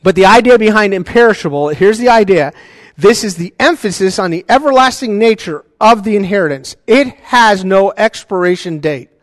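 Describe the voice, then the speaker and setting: High-voiced preaching man in a hall. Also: moderate pace, studio quality. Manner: animated, conversational preaching with joking asides. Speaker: pastor. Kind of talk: sermon.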